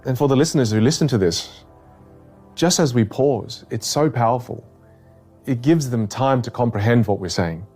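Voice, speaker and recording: A man working as a communication coach, explaining his ideas in a podcast conversation with energetic, emphatic repetition. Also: mid-range voice, fairly quick, faint music behind. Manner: energetic, emphatic, repeats key points.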